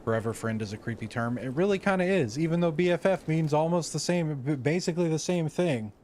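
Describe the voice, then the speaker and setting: A man's voice: a little high, lively intonation, a little fast, darkish tone, slight background noise. An American man streaming a video game, chatting casually and reading in-game lore aloud, laid-back and a bit profane. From United States.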